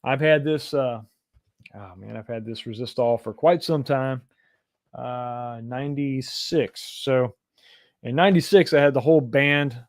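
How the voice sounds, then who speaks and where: A man's voice: medium pitch, no room sound, studio quality. A man from East Texas, hosting a casual livestream and rambling as he reads viewer comments aloud and answers them. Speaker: livestream host.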